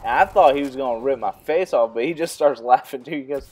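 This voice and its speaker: Rambling and leaning heavily on fillers, a young vlogger tells an amusing story from his life, laughing along the way. He speaks fairly quickly with few pauses, his medium-pitched voice a little mellow.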